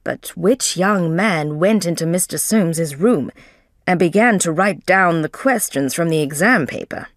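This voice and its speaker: Woman reading as a calm, measured detective. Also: dry recording, clean studio sound. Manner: calm, measured and low-keyed. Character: calm, clever male detective.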